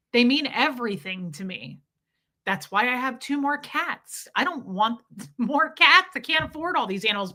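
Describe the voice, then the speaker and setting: A woman's voice: a little high, bright, forceful tone. A young woman hosting a livestream from a room at home with her pets, talking candidly and emotionally with lots of fillers and restarts. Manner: emotionally charged, near tears. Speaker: livestream host. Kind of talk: casual confessional livestream talk.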